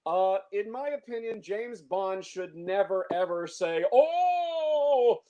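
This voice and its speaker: A man's voice: sits high, fairly even intonation, unhurried, a little mellow, muffled recording. A man reviewing films in casual chat, opinionated, stumbling over restarts and fillers. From San Francisco Bay Area. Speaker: film reviewer.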